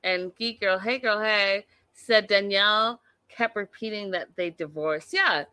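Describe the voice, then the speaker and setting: A woman recapping a reality show in an animated, gossipy way, talking straight to her viewers. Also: mid-range voice, a little slow, clean tone, dry recording.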